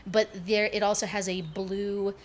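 A woman's voice: medium pitch, flat delivery, unhurried, slight background noise. A woman acting as game master, describing scenes in a casual way with plenty of fillers.

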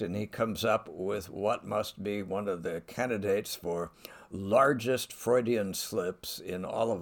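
A man's voice: fairly low pitch, vocal fry. A man giving a conversational literature lecture, wry in tone and reading quoted lines aloud.

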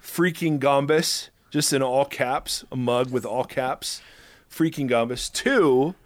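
A man's voice: mid-range voice, slow. A man hosting a casual faith podcast, upbeat and joking with his co-hosts, then ending the episode with a spoken blessing. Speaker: podcast host.

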